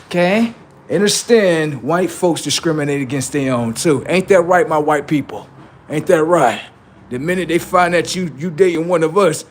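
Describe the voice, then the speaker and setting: A man's voice: on the high side, moderate pace. A man hosting a livestream, ranting bluntly and profanely while addressing his audience directly. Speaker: livestream host.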